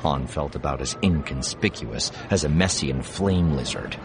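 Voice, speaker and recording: A man narrating a science fiction audiobook in a measured, expressive reading. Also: very deep voice, slight background noise. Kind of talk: scripted narration.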